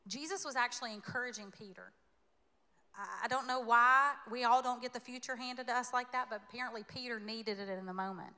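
A woman from the American South preaching a sermon in a church, conversational and animated, with playful asides. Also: fairly high pitch, brisk, clear, resonant tone. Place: church sanctuary. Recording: long hall reverb.

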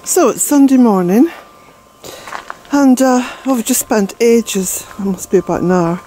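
An older woman from Ireland talks to the camera as she works outside in her garden, rambling and breathless with a mellow, warm tone. Faint outdoor noise sits behind her voice. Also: on the high side, lively intonation, a little slow, rough recording. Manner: rambling, chatty, with fillers. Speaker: vlogger, gardener. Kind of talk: casual walk-and-talk narration.

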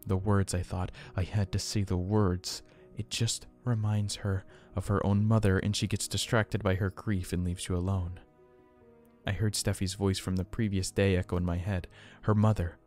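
Man narrating a horror story, low voice. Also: flat delivery, normal speed, a little mellow, faint music behind.

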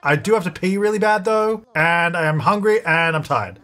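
A man giving casual, chatty gameplay commentary, excitable and talking back to the characters on screen. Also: sits high, moderate pace. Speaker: gaming channel host.

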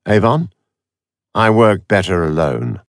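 A man's voice: fairly low pitch, animated, slow, creaky, no echo, pitched above the performer's own voice, full character voice. A man reading a cold, sardonic computer genius. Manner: dry, cutting, detached.

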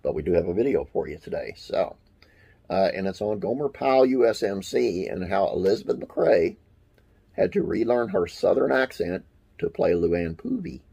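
A man's voice: low voice, big pitch swings, moderate pace, creaky, dark tone, husky. A man hosting a classic TV trivia channel, reading facts aloud and wandering into folksy, rambling asides with religious sign-offs.

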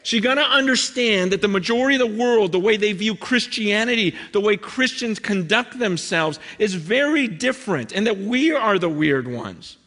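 A man giving a sermon, telling stories in an animated way, acting out quoted voices, with many fillers and restarts, heard in a large hall. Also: high-pitched, moderate pace, hardly any pauses. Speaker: pastor. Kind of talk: sermon with storytelling. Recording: hall with long reverb.

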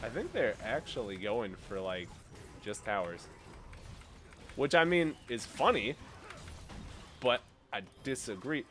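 A young man commentating his own gameplay, boastful and profane, swinging between low mutters and loud triumphant yelling. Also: big pitch swings, takes it slowly, long pauses, noisy background. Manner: profane, boastful, self-mocking. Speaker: gaming streamer.

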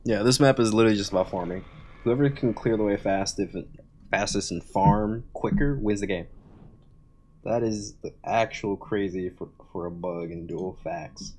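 A man's voice: on the low side, normal speed, darkish tone. A young man giving rambling, casual gameplay commentary as a gaming video host, often laughing and swearing.

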